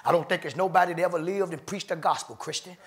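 A man preaching a sermon in a church, fervent and rhythmic, laughing between phrases and swelling to shouts. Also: high voice, quick pace. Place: church sanctuary.

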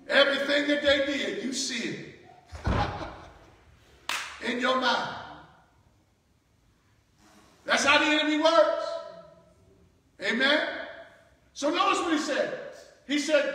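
High-voiced preacher in an echoey hall. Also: male voice, pushed and bright. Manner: repetitive, calls out "Amen?" and "Huh?" to the room. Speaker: bishop preaching. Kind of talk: sermon. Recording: echoey hall, far from mic.

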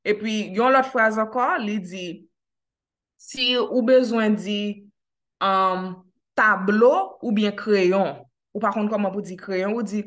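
Haitian woman teaching English slowly. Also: medium pitch, fairly bright tone. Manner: switches between Haitian Creole and English, slows down to model phrases. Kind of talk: online language lesson.

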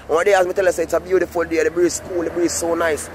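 A man's voice: high voice, fairly even intonation, quick pace, hardly any pauses, noisy background. A Jamaican man talking to his viewers in a casual, rambling vlog monologue full of "you know what I mean". He is recorded outdoors. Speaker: vlogger.

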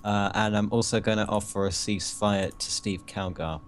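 A man's voice: fairly low pitch, steady tone, moderate pace, slight background noise. A young man co-playing a strategy game, chatting casually and hesitantly with many ums and restarts. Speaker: co-player. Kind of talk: casual gaming chat.

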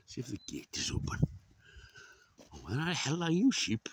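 A man's voice: mid-range voice, wildly swooping pitch, normal speed, slightly rough, no echo. A man in his sixties, out of breath while climbing a hillside outdoors, talking casually and swearing a lot. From Wales. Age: 60s. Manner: exclaiming, swearing often. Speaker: vlogger. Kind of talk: casual walking commentary.

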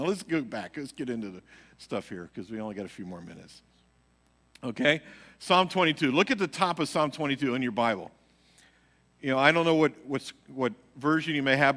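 Bright-voiced pastor in an echoing church. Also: male voice, fairly high pitch. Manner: animated, acts out quotes, laughs at own story. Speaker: pastor teaching a midweek Bible study. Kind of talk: casual storytelling sermon. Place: church sanctuary. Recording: hall reverb, live church recording.

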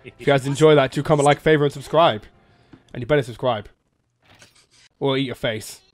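A young man with an excitable, joking manner, commenting loudly on an online multiplayer game with friends. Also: medium pitch, brisk, music in the background. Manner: yelling, laughing, joking with friends. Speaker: gaming YouTuber.

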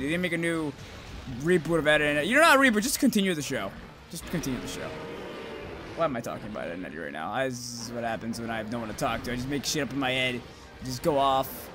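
A young man commentating his own gameplay, rambling to himself and cursing loudly at the monsters. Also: fairly high pitch. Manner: profane, rambling, yells at monsters.

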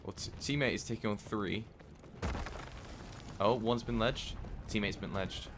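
A young man reacting out loud while playing a game with a teammate. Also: on the low side, measured pace. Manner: lively, reacting out loud to the fight. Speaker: co-op gamer. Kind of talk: casual gaming chat. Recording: loud noisy game capture audio. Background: loud game sound and noise.

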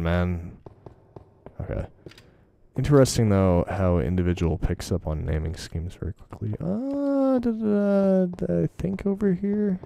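Gravelly low-voiced man swearing through gameplay. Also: a little mellow. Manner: profane, rambling, self-mocking. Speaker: gaming video host. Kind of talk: casual game commentary.

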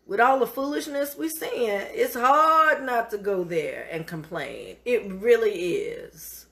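A woman's voice: fairly high pitch, lively intonation, slow, gravelly, fairly bright tone. A middle-aged woman hosting a live cooking show, encouraging and a bit preachy, calling her viewers honey as she chats.

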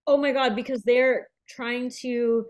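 Co-host, female, bright higher voice, blunt and animated, swears a lot. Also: unhurried. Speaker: podcast co-host. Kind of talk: casual chat.

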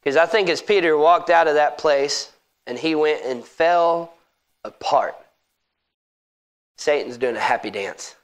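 High-voiced pastor preaching with emphasis. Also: male voice, measured pace, long pauses. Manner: emphatic and conversational, rising to shouts. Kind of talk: sermon.

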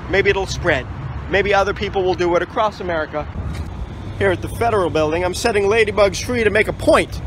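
A defiant male activist with a fairly high voice, speaking in a sardonic, preachy way as he films his own protest. He talks outdoors beside a city building, and faint street noise hums in the background. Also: fairly bright tone, rough recording. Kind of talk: self-filmed protest documentary.

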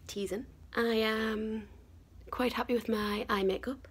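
A young woman vlogging to camera, excited and emotional, hesitant and full of fillers. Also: on the high side, measured pace, slightly rough. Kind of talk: casual vlog talk to camera. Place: convention arena and outdoors nearby.

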